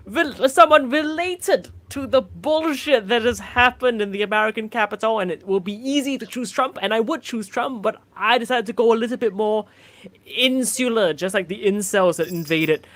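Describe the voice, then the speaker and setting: A man's voice: sits high, normal speed, sharp tone, no echo. A man from Singapore, a guest comic, ranting crudely and sarcastically on a comedy panel.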